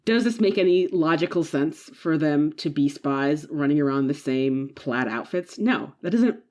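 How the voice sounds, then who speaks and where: Low-voiced woman in animated chat. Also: moderate pace. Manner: animated, laughs often, frequent "like" fillers. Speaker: podcast co-host. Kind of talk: casual chat.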